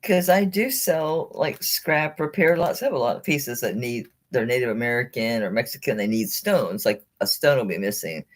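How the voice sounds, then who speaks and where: A woman running a live jewelry sale, chatting excitedly and talking to the pieces she pulls out. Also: a bass voice, moderate pace, few pauses. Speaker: online jewelry seller. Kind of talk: live-stream sales chat.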